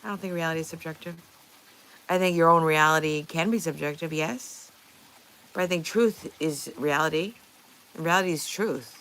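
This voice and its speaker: A woman's voice: sits low, normal speed, fairly bright tone, rough recording. A woman livestreamer chatting casually with her viewers, reading their messages aloud, playful and often laughing.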